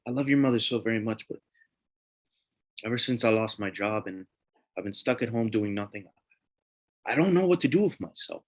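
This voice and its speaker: A man's voice: medium pitch, fairly bright tone, husky. A middle-aged actor playing a jobless father caught cheating, hesitant and pleading, mixing in Spanish words on a theatre stage. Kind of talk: live student stage drama.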